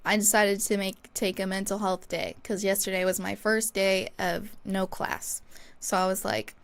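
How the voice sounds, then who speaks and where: A woman's voice: mid-range voice, level tone, normal speed. A young woman co-hosting a sports podcast, reading the opening and then chatting lightly with the host. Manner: upbeat, reads intro smoothly then chats lightly. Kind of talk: casual chat.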